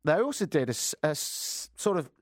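Joking talk radio host, lively. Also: male voice, on the high side, a little fast, no echo, clean studio sound. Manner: joking, chatty and teasing. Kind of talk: casual talk radio chat. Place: radio studio. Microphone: studio microphone.

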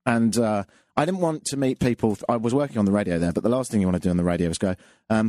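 A man's voice: lowish voice, fast, a little mellow, dry recording. A man hosting a radio talk show, chatty and self-mocking. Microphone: studio mic. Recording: dry studio sound.

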